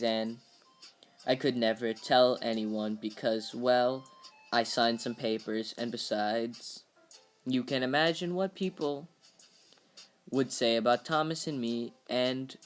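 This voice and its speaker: A man's voice: mid-range voice, clean tone, close to an everyday voice. A man voicing a frail, fretful old mother who rambles wistfully, in a parody dub of a film script.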